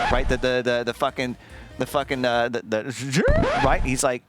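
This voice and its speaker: A man streaming, telling a story casually to his chat in an animated, profane way, acting out the lines he quotes. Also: mid-range voice, moderate pace, loud music behind the voice.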